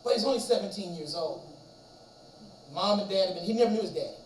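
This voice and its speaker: A man preaching at a chapel service, telling a long story with animated delivery and acting out the voices of the people in it. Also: sits high, quick pace, slight background noise. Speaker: chapel speaker. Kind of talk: storytelling sermon. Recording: roomy echo from distance, faint ambience.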